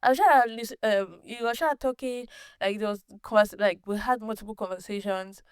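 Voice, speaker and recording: A woman hosting her own podcast, telling a personal story in a casual, animated way, laughing often and restarting sentences. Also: medium pitch, fairly quick, clean tone, no room sound, studio quality. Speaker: podcast host.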